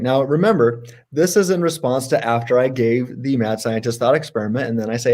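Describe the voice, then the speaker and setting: A man co-hosts a casual livestream debate, his pitch leaping up as he presses his points. His tone is sarcastic and playful, and his voice sits at an ordinary pitch. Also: fast talker, hardly any pauses. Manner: animated and sarcastic, jumps in pitch for emphasis. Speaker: co-host.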